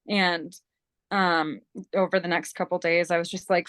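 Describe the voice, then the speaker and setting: A woman's voice: lowish voice, flat delivery, moderate pace, a bit bright, no room sound. A woman casually telling a story, acting out both sides of a conversation, candid and swearing. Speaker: team member sharing a story.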